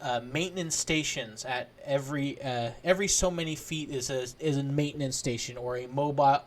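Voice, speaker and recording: A man narrating a tabletop game as game master, halting, with many restarts and fillers. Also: medium pitch.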